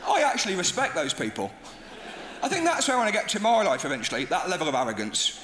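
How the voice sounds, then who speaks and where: A man's voice: sits high, huge pitch swings, fast talker, fairly bright tone. A man from Britain doing a stand-up routine with a playful, mocking delivery. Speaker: stand-up comedian. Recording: echoey hall with noise.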